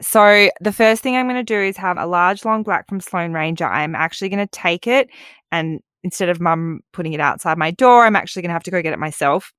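A woman's voice: on the low side, fairly quick, a bit bright, clear, resonant tone, no echo. Chatty young woman, dry sound. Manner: chatty, laughs often. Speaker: podcast co-host. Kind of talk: casual chat. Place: abroad, recording remotely.

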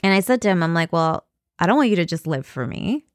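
A woman's voice: lowish voice, sing-song, fast, no echo, studio quality. A young woman talking candidly in a personal vlog, rambling with fillers and restarts. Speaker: vlogger.

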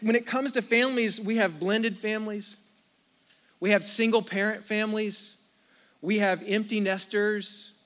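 A man in his thirties from the United States preaching a sermon, telling stories with animated, acted-out outbursts. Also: high voice. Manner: storytelling, animated, acts out his own outbursts. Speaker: pastor. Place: church auditorium with congregation.

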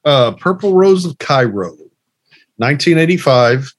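A man's voice: fairly high pitch, lively intonation, unhurried, no room sound. Easygoing male co-host telling stories. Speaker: podcast co-host. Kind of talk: casual movie-discussion chat.

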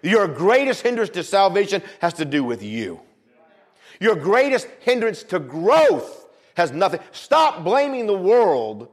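A man preaching a sermon with emphasis, repeating phrases, dropping low and quiet for weight, and calling out for the congregation's amens. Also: wildly swooping pitch, measured pace. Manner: emphatic, repeats phrases, calls for "Amen?" responses.

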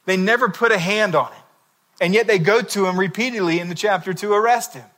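A man's voice: high-pitched, a little fast, sharp tone. A man preaching a sermon, telling a story and reading scripture in a conversational, emphatic way. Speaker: pastor.

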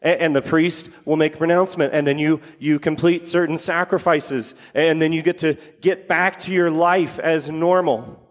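A man's voice: a little high, steady tone, normal speed, hardly any pauses, big-room sound. A man preaching a sermon, repeating key phrases for emphasis and putting questions to his congregation. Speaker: pastor.

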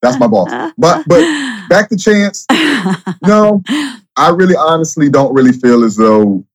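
Halting, repetitive man guest. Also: on the high side, animated. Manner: halting, repeats words and restarts often. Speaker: guest, former reality show contestant. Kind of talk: casual interview chat.

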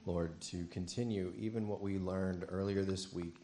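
A man's voice: deep voice, steady tone, normal speed, dark tone, echoey room, slight background noise. A man leading an earnest, heartfelt spoken prayer for a congregation. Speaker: church member leading prayer.

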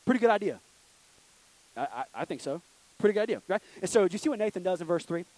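A man's voice: sits high, fast talker, low-quality recording. A young man preaching a casual, joking youth sermon in a church room, acting out little voices. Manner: animated, joking, acts out voices. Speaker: youth pastor.

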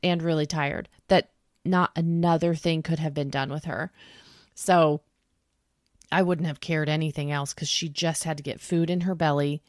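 A young woman with a slightly low voice tells a story on her podcast, chatty and animated, sprinkling in casual fillers. The sound is dry and close, with no room around her. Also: moderate pace, no echo. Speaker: podcast co-host.

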